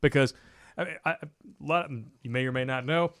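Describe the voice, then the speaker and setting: Joking livestream co-host, dry sound. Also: male voice, mid-range voice, normal speed, fairly bright tone, no echo. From Michigan, USA. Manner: joking, sarcastic, laughs often. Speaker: podcast co-host reading super chats. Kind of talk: casual livestream chat.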